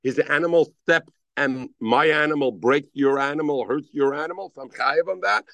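A man's voice: fairly high pitch, normal speed, vocal fry, bright, forceful tone, dry recording. A man teaching a Daf Yomi Talmud class, calling on students by name and mixing in Hebrew and Aramaic terms.

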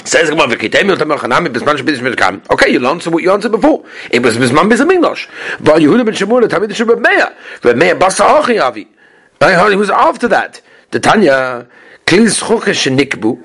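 Animated man teaching Talmud. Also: fairly high pitch, breathy edge. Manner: chants Aramaic text then explains in English, questions and answers himself. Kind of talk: Talmud class, reading and explaining Gemara.

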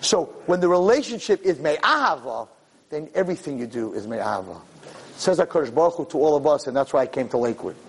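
A man lecturing as a rabbi in a Torah class, moving from quiet talk to loud, impassioned preaching before an audience. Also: on the high side, big pitch swings, fast talker, rough recording.

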